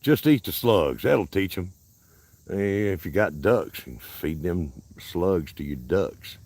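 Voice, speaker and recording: A man's voice: low-pitched, lively intonation, takes it slowly, a little mellow, no echo. A man from Alabama with a Southern accent, hosting a casual, rambling livestream chat outdoors at a park in a folksy way. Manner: folksy, rambling, self-interrupting. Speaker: livestream host.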